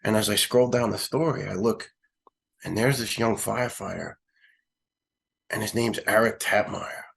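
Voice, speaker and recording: A retired fire lieutenant from the United States, middle-aged with a New York accent, tells a personal story in an interview. His lowish, gravelly voice has a fairly bright tone, and he speaks haltingly and emotionally, restarting often.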